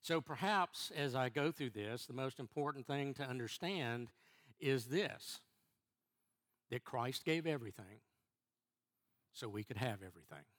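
With a medium-pitched, expressive, somewhat bright voice, a middle-aged church elder gives a halting sermon, restarting and repeating words before landing hard on key phrases.

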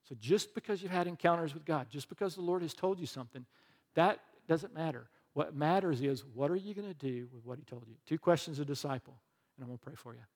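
Man, middle-aged, pastor, sermon, conversational, earnest, slightly high-pitched. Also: brisk, a little mellow, big-room sound. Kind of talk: sermon with closing prayer.

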